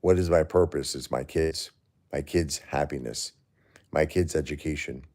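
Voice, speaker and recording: Drained middle-aged male livestream host, very deep and dark, stumbling through his grief. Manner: grieving, weary, halting with repeated words. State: emotionally drained. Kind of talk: casual livestream talk to viewers.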